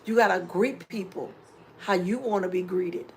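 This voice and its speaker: A middle-aged woman vlogger chatting casually on a live stream, reading viewer comments and giving preachy, animated life advice. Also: fairly low pitch, moderate pace. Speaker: home DIY vlogger.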